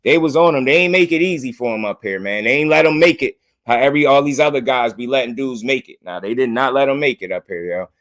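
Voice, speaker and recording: A man's voice: medium pitch, quick pace, hardly any pauses, a bit bright. A man hosting a boxing commentary video, talking to his viewers in loose slang and repeating himself a lot.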